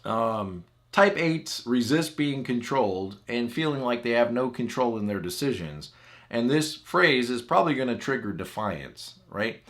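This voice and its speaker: A man teaching as a personal growth coach in a chatty, conversational way, often checking in with the listener. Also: mid-range voice. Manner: chatty, asks the listener "right?"; acts out example phrases in lively voices. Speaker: relationship coach.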